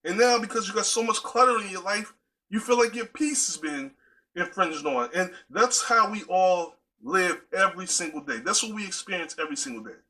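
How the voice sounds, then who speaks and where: A man talks straight to his viewers in a casual, preachy way. His voice sits high and sounds very bright. He keeps calling his listeners y'all. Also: moderate pace, rough recording. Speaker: video host. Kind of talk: casual direct-to-camera talk.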